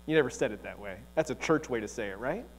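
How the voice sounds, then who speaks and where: A man's voice: mid-range voice, animated, fast. A male pastor preaching a conversational sermon in a church, joking and asking the congregation rhetorical questions. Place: church sanctuary.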